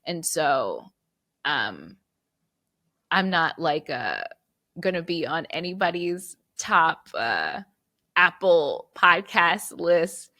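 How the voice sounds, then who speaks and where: A woman's voice: low voice, big pitch swings, very slow, pushed and bright, no room sound, clean studio sound. A woman hosting her podcast solo, reflecting earnestly and fighting back tears, with restarts and repeated words. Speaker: podcast host.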